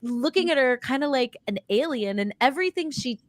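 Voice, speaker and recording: A woman with a fairly high voice chats in a rambling way, with quick asides. The sound is dry and close, with no room around it. She is co-hosting over a video call. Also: expressive, dry recording. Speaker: co-host. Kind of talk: casual chat about parenting.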